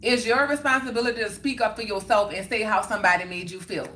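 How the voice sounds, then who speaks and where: A young woman talks casually to her livestream viewers and answers their comments. Her voice is bright and sharp. She is emphatic and keeps circling back to the same points. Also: mid-range voice, fairly even intonation, fast, a little hiss or hum. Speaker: livestream host.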